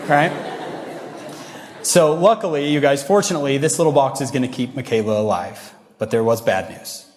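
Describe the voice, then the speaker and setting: A man giving a motivational religious talk to a youth audience, a lively storyteller who acts out the voices he quotes. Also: mid-range voice, brisk. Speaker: youth devotional speaker. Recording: reverberant hall.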